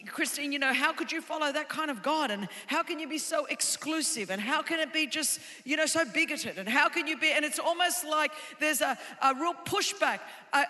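A woman preaching a sermon to a congregation, emphatic, with rhythmic repetitions that build to shouts. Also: sits high, moderate pace, few pauses. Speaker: pastor. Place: large hall with live congregation. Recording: reverberant hall sound.

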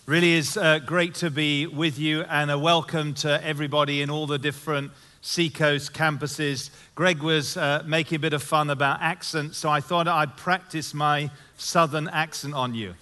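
Bright-voiced English preacher. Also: male voice, a little high, steady tone, moderate pace, hardly any pauses. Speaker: guest preacher. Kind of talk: sermon.

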